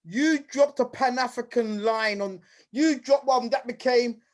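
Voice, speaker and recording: A man from the United Kingdom hosting a live online event with lively, hyped-up energy, often calling people "brother" and "King.". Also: extremely high pitch, a little slow. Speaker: host and presenter.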